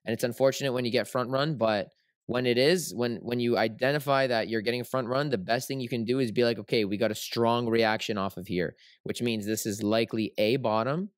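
A man's voice: medium pitch, fairly even intonation, brisk, no echo, studio quality. Casual male livestream trading host. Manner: casual, repeats himself, many fillers and tag questions.

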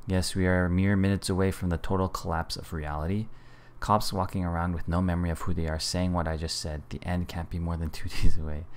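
A man's voice: low voice, level tone, brisk. A man casually commenting on a game he is playing, playful and amused. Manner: playful, amused, reading choices aloud. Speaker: gaming video host.

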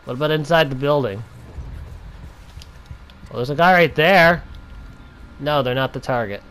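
A young man giving playful gameplay commentary, taunting enemies and breaking into drawn-out mock-dramatic shouts. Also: mid-range voice, clear, resonant tone.

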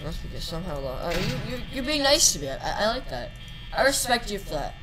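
A woman's voice: medium pitch, big pitch swings, fast talker, over music, rough recording. A young woman giving casual commentary while playing a horror game, swearing and talking to the characters, with outbursts at jump scares. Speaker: gameplay streamer.

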